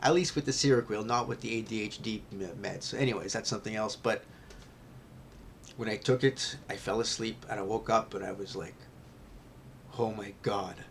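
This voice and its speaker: A man telling a candid personal vlog story, rambling with many restarts and often dropping to a hushed near-whisper. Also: fairly low pitch, fairly even intonation, brisk, creaky, a little hiss or hum.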